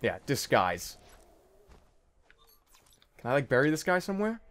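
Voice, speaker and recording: A young man commentating a stealth game he is playing, jittery and excitable, with nervous laughs and yelps. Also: mid-range voice, measured pace, pauses often. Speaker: gaming video host. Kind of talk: let's play commentary.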